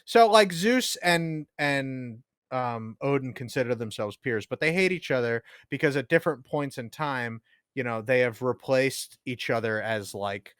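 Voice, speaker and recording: A man's voice: medium pitch, lively intonation, unhurried, fairly bright tone, clean tone, no room sound, studio quality. A man co-hosting a casual movie review chat, joking as he recaps the plot. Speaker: podcast co-host.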